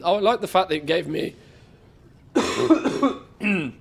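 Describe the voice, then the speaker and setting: A man's voice: sits high, slow pace, gravelly. A man with a head cold and a congested voice, chatting casually on a live game stream, rambling with many ums and restarts.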